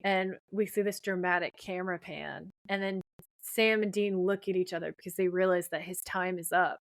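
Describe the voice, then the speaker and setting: A woman's voice: fairly low pitch, fairly even intonation, normal speed, no echo. A woman co-hosting a podcast, casually retelling a TV episode scene by scene and quoting the characters' lines. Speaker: podcast co-host.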